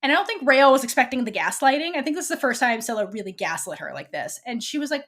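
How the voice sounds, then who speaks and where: A woman's voice: high-pitched, fast, hardly any pauses. A woman co-hosting a podcast, casually recapping a TV episode and acting out the characters' lines as she goes. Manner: animated, acts out characters' lines while recapping. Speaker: podcast co-host.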